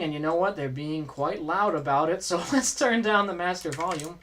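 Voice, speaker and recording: A man's voice: on the high side, normal speed, a bit bright, slight background noise. A man streaming a video game, chatting and joking casually as he plays and answers chat. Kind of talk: casual gameplay commentary.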